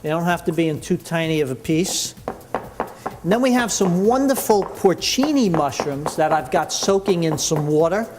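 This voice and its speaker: A man's voice: a little high, lively intonation, normal speed, background noise. A man hosting a cooking show, chatting enthusiastically as he explains each step. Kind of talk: cooking demonstration.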